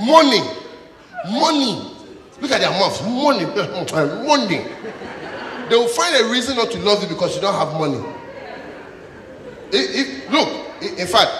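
A man doing live stand-up comedy on stage, loud and playful as he tells stories. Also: high-pitched. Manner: loud, animated, playful storytelling. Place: stage in a hall with audience. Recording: echoey hall with loud crowd noise.

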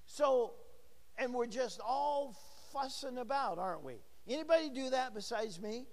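A man's voice: very high voice, a little slow, in a large hall. A middle-aged man preaching a sermon in a church, talking with the congregation and asking them questions. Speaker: pastor.

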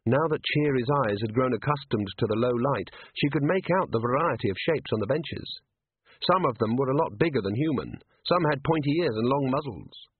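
A man narrating an audiobook in a measured, dry storytelling manner. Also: mid-range voice, lively intonation, slightly rough, dry recording. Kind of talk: scripted narration. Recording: tinny phone-like audio.

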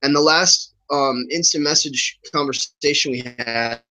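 A man's voice: medium pitch, sharp tone, rough recording. A man on a podcast talking casually, animatedly retelling an online argument and quoting both sides. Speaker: podcast guest. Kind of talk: casual conversation.

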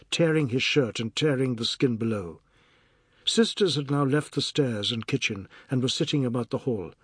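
A man reading a literary novel aloud as an audiobook narrator, measured and even. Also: mid-range voice, slightly rough, no room sound, clean studio sound.

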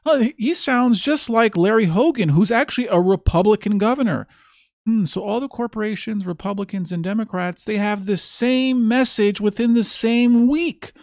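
Sarcastic and mocking, a man on his own stream rants about a clip he has just played, giving casual solo commentary. He has a high voice at normal speed, captured in studio quality with no echo.

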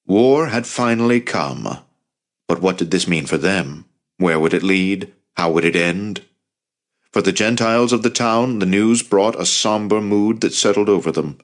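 A man reading an audiobook in scripted narration, measured and grave. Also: low voice.

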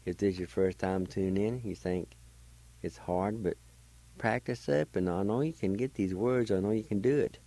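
A man's voice: sits low, moderate pace, dark tone, dry recording, low-quality recording. A man teaching a language lesson on the radio, patiently spelling words letter by letter and sounding them out.

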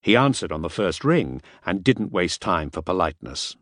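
Low, lively-toned male narrator. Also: moderate pace, few pauses, no echo, studio quality. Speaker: audiobook narrator. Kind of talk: first-person novel narration.

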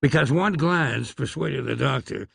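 Wry, gravelly male audiobook narrator. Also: medium pitch, a little slow, dry recording. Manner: wry, dry humor. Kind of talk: audiobook reading.

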